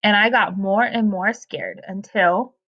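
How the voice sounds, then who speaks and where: A woman voicing a gentle, soft-spoken young troll boy in a storybook reading, on a dull lo-fi recording. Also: mid-range voice, fairly even intonation, measured pace. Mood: spooky storytelling.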